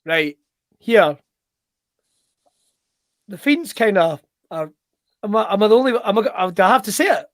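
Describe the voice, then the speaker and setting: Scottish male host, higher voice, dry close sound, sweary excitable banter. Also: measured pace, long pauses, no echo. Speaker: podcast host. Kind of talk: casual chat.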